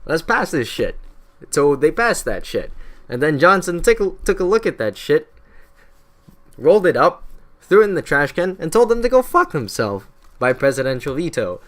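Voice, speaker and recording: A man's voice: on the high side, very animated, moderate pace, fairly bright tone. A young man explaining history in a casual, irreverent way, swearing constantly and slipping into mocking voices for historical figures. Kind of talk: casual profane history narration.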